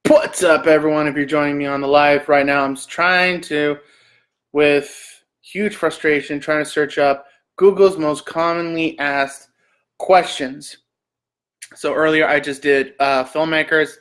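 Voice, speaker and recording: A man's voice: fairly high pitch, steady tone, a little slow, a bit bright. A man from Canada hosting a casual live stream, reading search questions aloud and joking back answers. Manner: reads questions aloud then jokes back. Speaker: livestream host.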